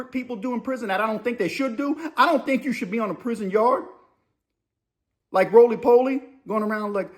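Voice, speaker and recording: A man telling a story in a casual, animated, rambling way, full of slang. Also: high voice.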